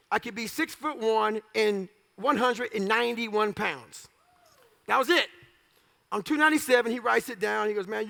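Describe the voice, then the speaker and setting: High, gravelly, blunt-talking man. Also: sharp tone. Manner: blunt, profane, punchy short phrases. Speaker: motivational speaker. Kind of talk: storytelling talk.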